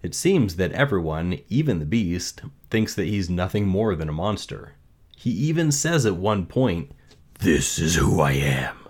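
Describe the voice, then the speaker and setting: Deep-voiced, measured male storyteller. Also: very animated, darkish tone. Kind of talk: storybook reading and reflection.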